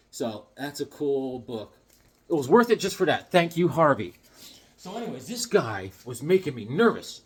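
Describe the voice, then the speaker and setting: Lively, jokey male comic collector. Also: mid-range voice, moderate pace. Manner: jokey, theatrical, bursts into bits and voices. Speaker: comic book collector and video host. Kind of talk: casual vlog chat.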